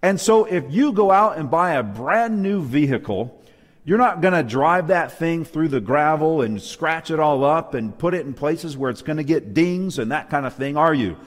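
A man's voice: fairly high pitch, lively intonation, normal speed, in a large hall. A man preaching a Bible lesson to a live and online congregation, emphatic, asking rhetorical questions and calling for amens. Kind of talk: sermon-style Bible study. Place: church hall with live and online audience.

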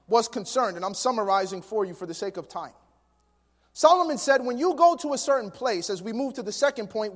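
High-voiced male preacher in echoing hall. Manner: animated storytelling, swinging from soft to emphatic. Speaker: pastor. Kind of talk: sermon. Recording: long hall reverb.

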